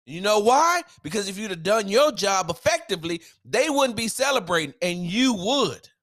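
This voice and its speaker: A man's voice: sits high, very animated, moderate pace, a bit bright. A man hosting a solo sports podcast, ranting in a heated, emphatic way with casual slang.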